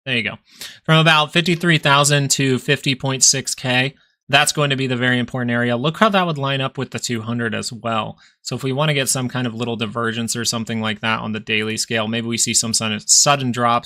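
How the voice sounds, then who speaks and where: A man's voice: medium pitch, creaky, pushed and bright. A young man hosting a live stock market stream, casually thinking aloud as he reads charts. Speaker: stock market livestream host. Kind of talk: live chart analysis commentary.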